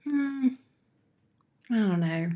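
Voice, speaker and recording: Casual, rambling woman tarot reader, slightly high-pitched, unhurried delivery. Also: lively intonation, muffled recording. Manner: chatty, talks baby talk to her pet. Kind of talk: casual livestream chat. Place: at home.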